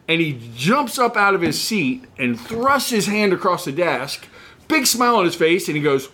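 Middle-aged guy, bright tense voice, rambly car-lot story, acts out the quotes. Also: a little high, normal speed. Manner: rambling, animated when quoting others. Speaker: podcast co-host, former car salesman. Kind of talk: casual storytelling chat.

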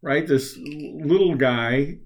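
Halting storytelling man. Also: a little high. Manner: halting storyteller, many fillers, chuckles. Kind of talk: casual chat.

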